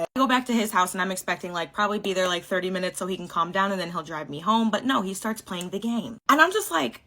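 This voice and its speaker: Young woman, storytime vlogger, fast casual delivery, blunt, swears a lot. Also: mid-range voice, expressive, pushed and bright. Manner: blunt, swears, lots of fillers.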